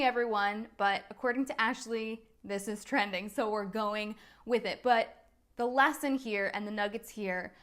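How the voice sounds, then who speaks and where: A woman's voice: medium pitch, moderate pace, a bit bright. A woman, a coach talking casually on a live video, chatty and laughing at herself. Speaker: business strategy and NLP coach, host.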